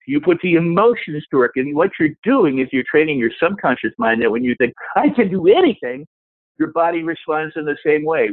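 A man with a slightly high voice gives a motivational self-help talk, animatedly acting out the voices in your head. There's no echo, but the recording has a tinny, phone-like radio quality.

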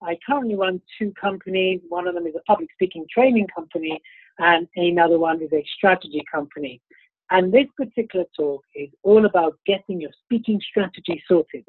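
A keynote speaker from the United Kingdom gives a brisk, upbeat motivational talk full of self-promotion, in a high voice muffled slightly by a sniffly cold. The recording is tinny and phone-like, dry with no room sound.

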